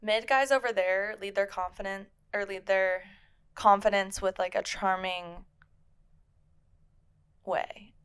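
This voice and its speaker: A young woman co-hosting a podcast in casual chat, talking in a lively, chatty way and laughing easily. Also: mid-range voice, clean tone. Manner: chatty, animated, quick to laugh. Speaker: podcast co-host.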